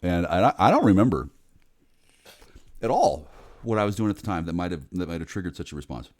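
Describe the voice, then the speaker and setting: A man in his forties, rambling in a bitter, sardonic, heavily profane monologue, muttering low and then bursting out loud. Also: big pitch swings, fairly quick, no echo. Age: 40s. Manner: bitter, sardonic, swears a lot. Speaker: vlogger.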